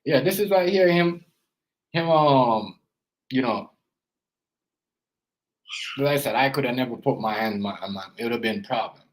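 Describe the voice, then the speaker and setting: A man's voice: mid-range voice, moderate pace, long pauses, low-quality recording. A man and father giving casual reaction commentary, rambling and earnest, filling his talk with "you know" and "as I said". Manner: earnest, lecturing tone about parenting. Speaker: parent and reaction vlogger.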